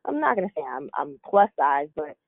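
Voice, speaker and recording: A young woman wrestler, a guest in a casual interview, telling lively stories, laughing and acting out what others said. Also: mid-range voice, brisk, creaky, slightly rough, dry recording. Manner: animated, laughs often, acts out quotes. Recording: dry narrow phone-like line.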